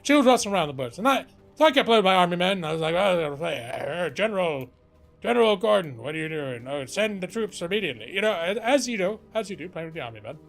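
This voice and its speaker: A wide-eyed, overexcited viewer bursts in, breathless and shouty, dragging out a rambling tale with dramatic pauses, as a man puts him on. The voice sits high and loud, racing through the story in a frantic rush. It plays like a bit on a gaming stream. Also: very animated, gravelly, soft background music, heavily acted. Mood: breathless, excited.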